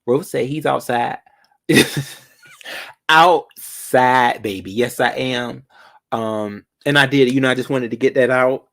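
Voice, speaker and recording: A man talks straight to his viewers in a loose, sassy vlog rant. His delivery is dramatic, stretching words out for emphasis. His voice sits in an ordinary middle pitch. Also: fairly even intonation, moderate pace, gravelly, a bit bright. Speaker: vlogger. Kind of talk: casual commentary to viewers.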